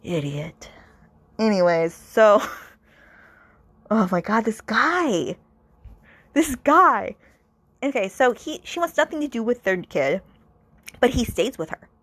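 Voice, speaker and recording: Woman podcast host ranting about a book, talky and animated, dry close sound. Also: medium pitch, unhurried, pauses often, no echo. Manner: animated, retells scenes with quoted voices; frequent "like" fillers, exasperated asides. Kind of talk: casual book review chat.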